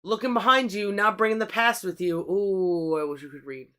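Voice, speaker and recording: A woman's voice: medium pitch, moderate pace, sharp tone. A woman hosting a livestream, casually reading scripture and giving blunt, profane commentary as she thinks aloud. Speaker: livestream host.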